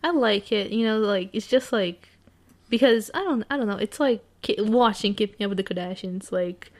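A young woman co-hosts a podcast in a relaxed chat. She wanders through her thoughts with plenty of fillers and restarts, hesitant but easygoing. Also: medium pitch, moderate pace. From Brazil. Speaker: podcast co-host. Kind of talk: casual chat.

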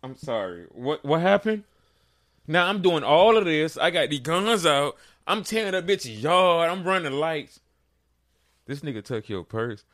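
Animated man telling a story. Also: a little high, measured pace, no echo, clean studio sound. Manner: animated storyteller, acts out quoted lines. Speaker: podcast co-host. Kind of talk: casual storytelling chat.

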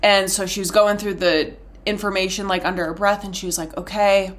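A young woman in her twenties telling a long family story on a podcast in a casual, profane, animated way. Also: mid-range voice, fairly quick. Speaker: podcast co-host.

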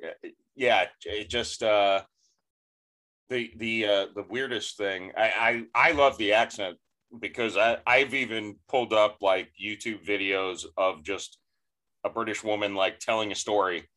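An American man hosting a podcast, chatting casually in a halting way with many restarts. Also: fairly low pitch, fairly even intonation, pushed and bright. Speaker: podcast host. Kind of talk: casual chat.

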